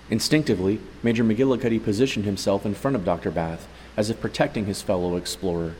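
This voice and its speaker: A man narrates a story in a steady, even manner, with a very low voice. A long reverb trails after his words, and faint hiss runs underneath. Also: fast, few pauses. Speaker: audiobook narrator. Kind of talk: scripted narration.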